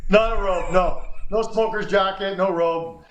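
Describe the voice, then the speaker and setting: High-voiced Canadian man telling a story. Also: measured pace, roomy sound, muffled recording. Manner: animated, acts out quoted dialogue. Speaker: sports radio host. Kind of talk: storytelling on a radio talk show.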